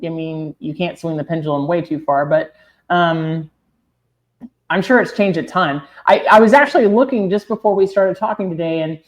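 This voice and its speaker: A woman co-hosting a podcast in casual chat, talkative and quick to laugh, thinking aloud with plenty of fillers. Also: lowish voice. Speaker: podcast co-host.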